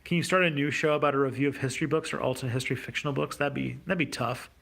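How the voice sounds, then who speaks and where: Male streamer, gravelly voice, casual unscripted Q&A, hesitant and halting. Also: medium pitch, fairly even intonation, fairly bright tone. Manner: hesitant, many fillers and restarts. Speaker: YouTube host. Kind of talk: livestream Q&A reading viewer questions.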